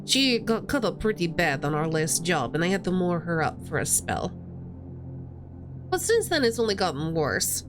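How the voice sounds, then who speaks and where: A woman voicing a tough, short-tempered female ship captain in a put-on Russian accent, reading game dialogue in a gruff, blunt manner. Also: fairly low pitch, sing-song, normal speed, music in the background. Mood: weary.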